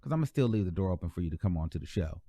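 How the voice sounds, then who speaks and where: A man's voice: deep voice, expressive, racing, warm tone, no room sound, studio quality. A man hosting a live gossip stream with sassy, blunt commentary. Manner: sassy, mock-preaching, blunt. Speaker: host of a live gossip show.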